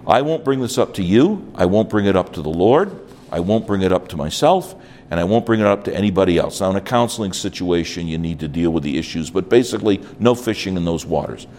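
An older man from New York preaching at a conference, animated, acting out little dialogues and dropping in asides. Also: deep voice, quick pace, slight background noise. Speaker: conference speaker. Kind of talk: conference sermon.

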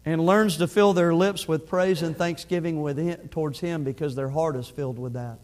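A middle-aged man preaching a sermon, his voice sitting a little higher than most men's. He talks earnestly and conversationally to his congregation, often restarting his sentences as he reaches for the point. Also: fairly even intonation, moderate pace, darkish tone. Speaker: pastor.

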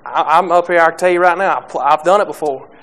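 A young man preaching a sermon, halting with many restarts and fillers, reading scripture and speaking plainly about faith. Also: a little high, fairly bright tone.

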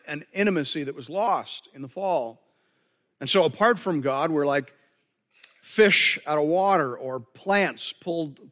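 A pastor with a somewhat high, fairly bright voice preaches a sermon that trails off into a long reverb. His delivery is earnest and conversational, and he often starts his phrases over.

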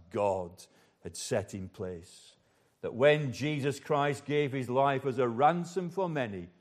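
A man preaching a sermon in a chapel, earnest and unhurried, at times turning to speak directly to the children. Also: medium pitch, a little mellow.

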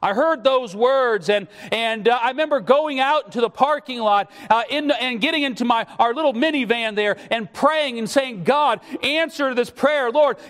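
A man's voice: extremely high pitch, moderate pace, few pauses, a bit bright. A middle-aged man preaching a sermon, pleading and emphatic, his voice rising in fervent bursts. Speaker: pastor. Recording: long reverb of a hall.

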